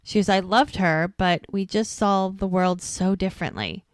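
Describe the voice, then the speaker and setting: A woman's voice: mid-range voice, steady tone, moderate pace, dry recording, clean studio sound. A woman co-hosting a podcast, casually recapping a TV episode by quoting what each character says. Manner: retells scenes by quoting characters, lots of "she's like".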